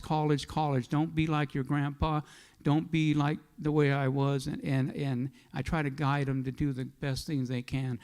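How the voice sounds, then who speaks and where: A man's voice: on the high side, a little mellow, clear, resonant tone. Older man in his sixties, church testimony, loose rambling storyteller who keeps sidetracking himself. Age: 60s. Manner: rambling, conversational storytelling with self-interruptions. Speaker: church member giving testimony. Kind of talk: personal testimony at a church service. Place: church sanctuary.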